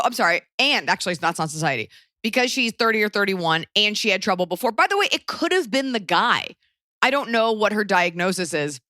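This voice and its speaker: A woman's voice: medium pitch, pushed and bright, no room sound, clean studio sound. A woman in her thirties hosting a podcast, giving blunt, rambling, jokey advice in casual chat. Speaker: podcast host.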